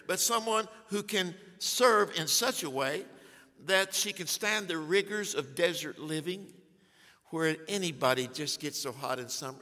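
An older man preaching a sermon as a pastor, telling humorous stories and swinging from hushed asides to loud declarations. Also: a little high. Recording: long hall reverb.

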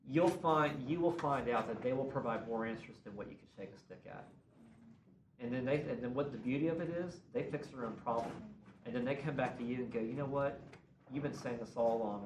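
Man, workshop presenter, conversational, acts out dialogues, echoey room, faint background hum. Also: mid-range voice. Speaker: workshop presenter on worship ministry. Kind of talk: conference workshop talk. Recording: roomy and distant, faint room noise.

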